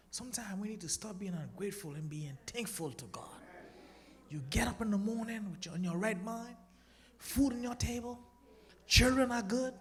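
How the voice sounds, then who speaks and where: A man's voice: high voice, moderate pace. A man from the Bahamas, telling his testimony to a church congregation and urging them to pray. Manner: animated, preachy exhortation to the congregation. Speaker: guest speaker giving a testimony. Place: church sanctuary. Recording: long church-hall reverb.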